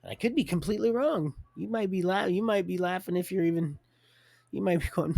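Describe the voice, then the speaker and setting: Gravelly guy rambling on a stream, lots of restarts, talks about god and dreams. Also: high-pitched, lively intonation, a little fast, a little mellow, no room sound. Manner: rambling, restarts often, religious talk. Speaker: livestreamer. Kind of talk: rambling personal monologue.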